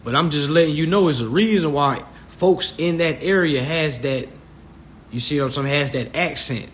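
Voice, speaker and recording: Animated man talking live. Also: moderate pace, a little hiss or hum. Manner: animated, shouts quoted voices in a high squeal. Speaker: Instagram live host. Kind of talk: casual talk to a live audience.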